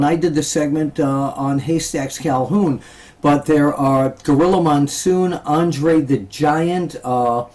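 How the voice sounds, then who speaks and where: A man hosting a casual wrestling interview, halting often with filler sounds. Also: a little high, a little mellow. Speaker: interview host.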